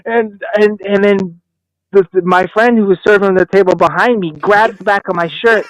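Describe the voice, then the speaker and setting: A man in his thirties, a podcast host, telling profane, animated stories in casual chat and acting out the quotes. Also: high voice, normal speed, no echo, poor audio.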